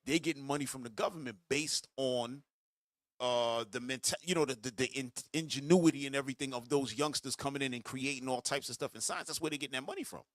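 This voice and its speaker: A middle-aged man hosting a radio talk show, speaking in a casual, animated and emphatic way. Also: medium pitch, no echo. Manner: animated, emphatic, quick reactions.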